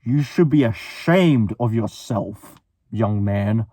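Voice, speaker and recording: A man's voice: fairly low pitch, expressive, slow pace, mellow, no room sound, voice pushed down. A young man voicing a stern, serious police officer who scolds him stiffly. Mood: scolding.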